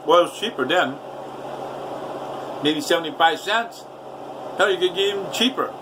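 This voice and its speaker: A man's voice: on the high side, lively intonation, moderate pace, pauses often, far from the mic, slight background noise, poor audio. A man telling a rambling, profane story in his home kitchen while cooking. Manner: profane, loud ranting storyteller.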